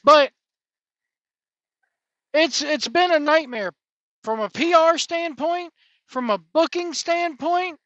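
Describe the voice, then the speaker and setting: A man's voice: very high-pitched, slow, long pauses, a bit bright, dry recording, highs cut off. Rambling opinionated male podcast host. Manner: rambling, opinionated, repeats himself. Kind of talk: casual commentary monologue.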